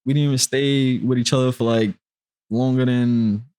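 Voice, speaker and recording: A man's voice: medium pitch, normal speed, smooth. A man from Brooklyn, a podcast guest telling a story in casual, slangy talk and acting out what people said. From Brooklyn, New York. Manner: animated, slangy, acts out quoted dialogue.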